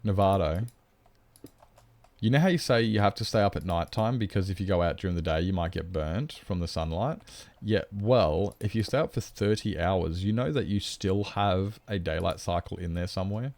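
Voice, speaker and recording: Playful gravelly man streaming live. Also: moderate pace, a little mellow. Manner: playful, teasing, mock-whiny, squeaking up high when joking. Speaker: livestreamer. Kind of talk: casual livestream chat with viewers.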